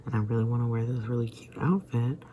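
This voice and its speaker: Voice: medium pitch, steady tone, quick pace, dark tone, a little hiss or hum, poor audio. A young adult vlogger who feels sick, rambling hesitantly and often slipping into a whisper. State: feeling sick and tired. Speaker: daily vlogger. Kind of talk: rambling personal vlog.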